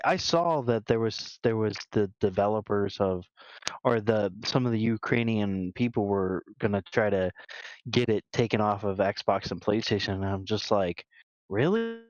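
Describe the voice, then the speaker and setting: A man co-hosting a gaming podcast, talking casually in a rambling way, full of restarts and "you know.". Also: on the low side. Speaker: podcast co-host. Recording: dull lo-fi dry sound.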